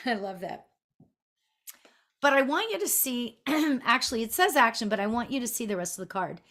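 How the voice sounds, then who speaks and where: A middle-aged woman working as a spiritual medium, chatting casually through a live online reading, sing-songy and quick to laugh, with lots of fillers. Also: fairly high pitch, expressive, fairly bright tone.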